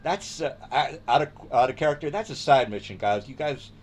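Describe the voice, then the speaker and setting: A man's voice: mid-range voice, expressive, brisk. A man running a tabletop game as dungeon master, narrating loosely with many ums and restarts.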